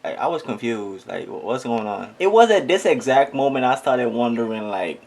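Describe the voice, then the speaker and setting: A man's voice: mid-range voice, moderate pace, few pauses. A young man with a Trinidadian accent tells a funny story. He jokes and exaggerates with lots of energy in an ordinary mid-range voice. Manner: animated, exaggerated, joking. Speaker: comedic vlogger. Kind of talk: comedic storytime.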